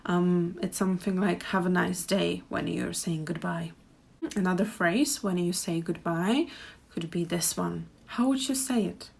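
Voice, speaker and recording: A woman's voice: on the low side, measured pace, creaky, husky. A young woman with a Czech accent, teaching pronunciation and repeating words carefully for learners. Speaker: language teacher. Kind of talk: pronunciation lesson.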